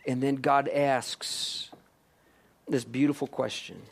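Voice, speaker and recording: A man preaching a sermon, questioning his listeners directly and moving between hushed and emphatic delivery. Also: mid-range voice, flat delivery, unhurried. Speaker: pastor.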